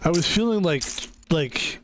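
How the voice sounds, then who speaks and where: A man's voice: a little high, lively intonation, measured pace, a little hiss or hum. A man streaming a game, chatting casually in a rambling, tired way with lots of fillers. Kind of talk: casual gaming stream chat. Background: game music.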